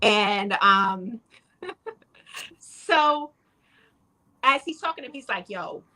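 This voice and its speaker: A woman talks through a show recap in loose, casual chat. Her voice is bright and forward. She retells scenes with energy and slips into the characters' lines as she goes. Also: a little high, animated, very slow, poor audio. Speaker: podcast co-host.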